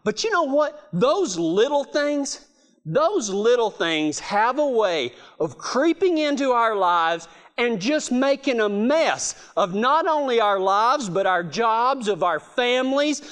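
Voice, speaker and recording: A middle-aged man with a drawl tells stories in a high, bouncing voice. He laughs through his own tales and restarts his sentences as he goes, an animated, chatty storyteller. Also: takes it slowly. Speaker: speaker. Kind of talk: humorous storytelling talk.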